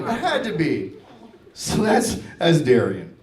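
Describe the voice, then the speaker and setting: A man's voice: sits high, huge pitch swings, measured pace. A man in his fifties doing a standup comedy set on stage, telling family stories and acting out the dialogue. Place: stage before a live audience. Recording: echoey venue, mic heard from a distance.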